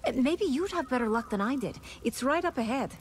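A woman's voice: high voice, expressive, brisk, a little hiss or hum. An actress playing a flustered, chatty female alien scholar in video game dialogue.

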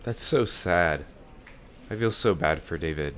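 A man's voice: low voice, animated, a little slow, fairly bright tone, slight background noise. A man giving casual let's-play commentary, thinking aloud as he explores. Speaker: let's player. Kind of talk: gaming commentary.

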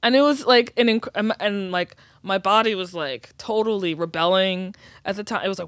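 A woman guest speaking reflectively and earnestly in a casual chat, often pausing on "like.". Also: mid-range voice, dry recording, clean studio sound. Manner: reflective, earnest, many "like" fillers. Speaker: guest, writer and educator.

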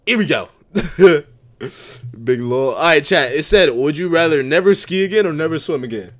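A brash male streamer reacting live to a video. His somewhat high voice bounces widely up and down as he swears and laughs his way through the questions. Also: lively intonation, normal speed. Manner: loud, profane, laughs often. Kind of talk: casual livestream reaction.

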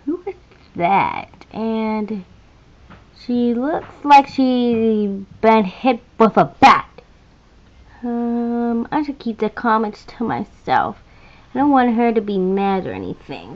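A woman's voice: on the high side, lively intonation, slow pace, darkish tone, muffled recording. A woman voicing dolls in a homemade toy play, chatty and bossy. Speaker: doll play narrator and voices. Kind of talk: toy doll role-play.

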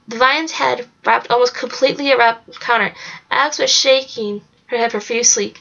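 A woman reading a novel aloud at a steady pace, now and then slipping on a word and correcting herself. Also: a little high, moderate pace, vocal fry, muffled recording. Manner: steady reading with occasional slips and self-corrections. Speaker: narrator.

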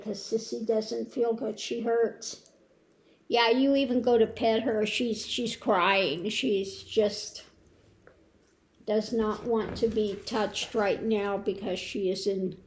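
Woman, slow and gentle, rambling home update, keeps cooing to her pets. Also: a little high. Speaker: spiritual tarot channel host.

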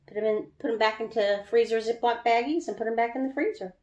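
A woman talks through a recipe in her home kitchen in a chatty, easygoing way. Her voice sits a little high, and she laughs often and stretches some words out. The room gives it a noticeable echo. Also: fast, a little mellow. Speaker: home brewing vlogger. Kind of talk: casual kitchen how-to chat.

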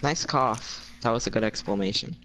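A man's voice: medium pitch, moderate pace, a bit bright, a little hiss or hum. A man chatting casually while playing a video game, goofing around with teasing banter and mock confusion. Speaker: gamer.

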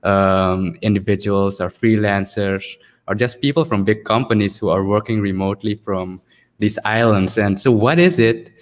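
Low-voiced co-host in a reverberant room. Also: male voice, fairly even intonation, normal speed. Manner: rambling questions with many fillers. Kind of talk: casual interview.

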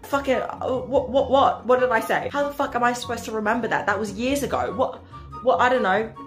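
A woman's voice: fairly high pitch, fairly quick, faint music behind, close to an everyday voice. A woman playing a hot-headed, swearing boy in a cosplay comedy skit, stammering in outrage. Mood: outraged. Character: hot-headed teenage boy, shouting and crude.

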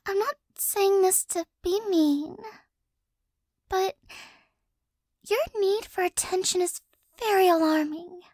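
Very high, slow-spoken woman in whispered role-play. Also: no room sound, studio quality. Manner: soft, flustered, doting, with frequent stammers and sighs. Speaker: ASMR creator.

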